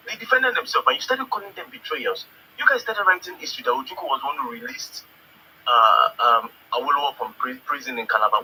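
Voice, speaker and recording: A man rants angrily on an online audio chat, with a bright, tense voice and a lively pitch. A faint noise sits under the call. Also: rough recording. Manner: angry, profane, mimics others' voices. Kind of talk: heated political rant.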